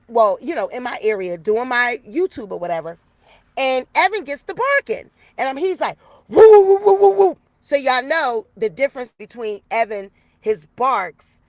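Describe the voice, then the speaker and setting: Woman, vlogger, chatty storyteller, casual, slightly high voice, outdoors. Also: no echo. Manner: chatty, animated storyteller addressing viewers as y'all. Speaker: YouTuber. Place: outdoors in the rain.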